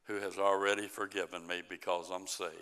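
A middle-aged man, a pastor, preaching a sermon and reading scripture in a slow, emphatic way that often drops to a softer level. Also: low voice, level tone, clear, resonant tone.

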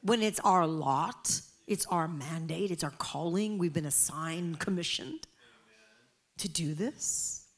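A woman preaching a sermon with passion, moving from hushed, quiet asides to loud, emphatic exhortation. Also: sits low, slow.

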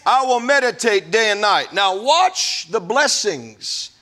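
Emphatic high-voiced male pastor preaching. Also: lively intonation, slow, bright, forceful tone. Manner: emphatic preaching with folksy asides. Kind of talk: sermon.

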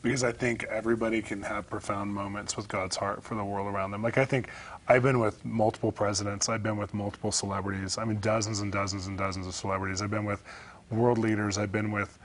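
A man's voice: fairly low pitch, level tone. A man as a guest author, earnestly telling stories from his life in an interview. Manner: fast, earnest storytelling.

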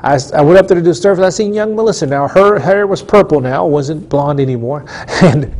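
A male preacher with a somewhat high voice tells a testimony in a studio. He speaks earnestly and drives his points home with emphatic repetition. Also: a little fast, a little mellow. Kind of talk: storytelling sermon testimony.

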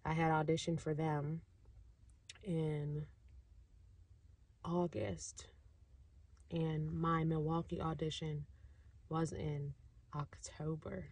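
A young woman vlogging, telling a casual story to the camera and acting out what other people said in a lively way. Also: deep voice, slow pace, long pauses, slightly rough, no room sound. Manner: lively, animated, acts out other people's lines.

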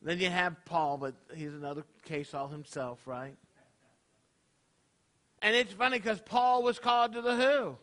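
A man's voice: high-pitched, a little slow, pauses often, a bit bright. A man, a rabbi preaching a casual, conversational sermon to his congregation, tossing out rhetorical questions. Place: congregation hall.

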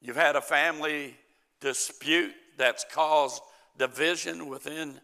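Gravelly, bright-voiced male pastor preaching slowly. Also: a little high, fairly even intonation. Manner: storytelling preacher, acts out the characters' lines. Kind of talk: sermon.

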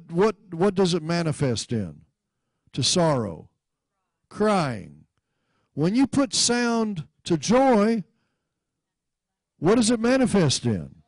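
A man's voice: high-pitched, darkish tone, no room sound. A man preaching a sermon, often breaking into laughter and calling on the congregation to repeat after him, stumbling and restarting as he reads verses. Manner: repeats and restarts words while reading scripture.

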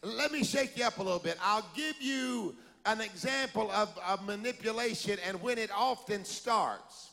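A man preaching a sermon, animated and calling out to the congregation for a response. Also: high-pitched, normal speed, gravelly. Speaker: pastor. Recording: long hall reverb.

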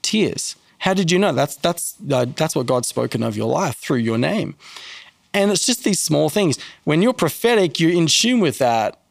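Creaky and on the high side, a man's voice moves a little slowly as he talks casually on a podcast. He tells faith stories with animation, acting out the quoted people in a raised voice. There's no echo.

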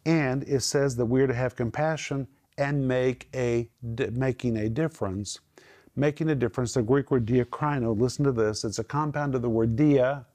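A man teaching from the Bible, explaining Greek words with emphatic, drawn-out stress on key phrases. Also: mid-range voice, mellow.

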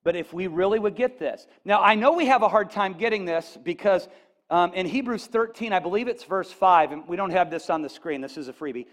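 A pastor preaching to his congregation, his voice pitched high for a man. He swings from quiet, confiding asides to loud, ringing declarations when he quotes Scripture, and checks in with the room as he goes. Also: a little fast. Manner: animated, rising to near-shouts on quoted lines; folksy asides, addresses audience with "okay?". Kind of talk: sermon.

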